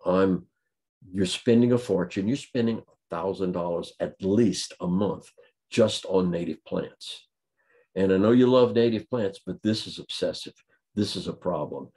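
Fed-up husband scolding his wife, deep and low, guy quoting him. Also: measured pace, dark tone. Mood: exasperated. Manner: complaining, scolding.

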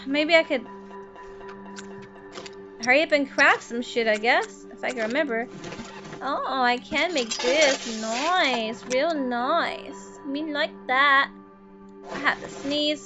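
A woman streamer giving casual, profane gameplay commentary, chatting with viewers and breaking into laughs and loud outbursts. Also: high voice. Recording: dull lo-fi stream audio with faint music.

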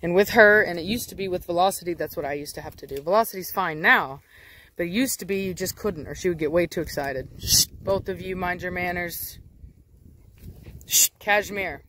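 A woman hosting a casual dog vlog outdoors. She explains training in a chatty way and switches to coaxing baby talk and sharp commands for her dogs. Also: on the low side, brisk, slight background noise. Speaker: dog breeder and channel host.

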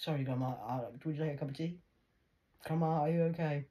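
Low-voiced rambling, swearing woman. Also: steady tone, quick pace, warm tone. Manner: chatty, rambling, swears freely, jokey asides. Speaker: vlogger. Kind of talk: rambling personal monologue.

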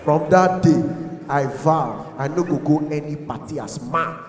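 Animated Nigerian stand-up comedian, high voice. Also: male voice, unhurried, slight background noise. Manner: animated storytelling mixing pidgin, acting out voices. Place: large comedy venue with live audience. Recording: echoey hall.

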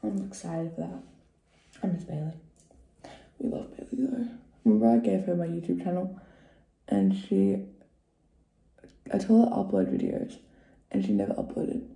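Casting: chatty woman vlogger, very mellow dark tone with a gravelly edge, echoey room. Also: lowish voice, expressive, moderate pace, pauses often. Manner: chatty and joking, often dropping to a whisper. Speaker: beauty vlogger. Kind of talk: casual makeup tutorial chat.

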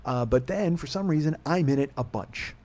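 A middle-aged man hosting a podcast, telling a rambling, profane story with excitement and acting out the dialogue. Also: a little high, moderate pace. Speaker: podcast host. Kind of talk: casual monologue storytelling.

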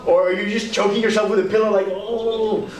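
A young man with a Texan accent giving an animated, conversational youth sermon and acting out quotes. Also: high voice, fast, distant mic. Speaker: youth pastor. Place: church hall. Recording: echoey hall, speaker off-mic. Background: audience answering now and then.

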